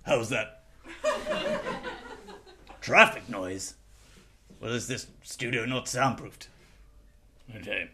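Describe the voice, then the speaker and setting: A man's voice: medium pitch, takes it slowly, pauses often, pushed and bright, a little hiss or hum. A man, a comedy performer playing a voice-over artist in a sketch, casual and easily flustered.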